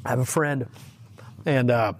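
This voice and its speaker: A man's voice: medium pitch, measured pace, slight background noise. Conversational man preaching informally. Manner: conversational, storytelling, chuckles, frequent restarts. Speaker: lay preacher. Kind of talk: informal sermon.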